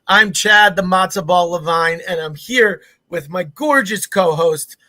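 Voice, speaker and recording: A man co-hosting a podcast, chatting casually, energetic and full of questions. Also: high voice, unhurried. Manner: energetic, inquisitive. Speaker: podcast co-host. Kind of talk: casual chat.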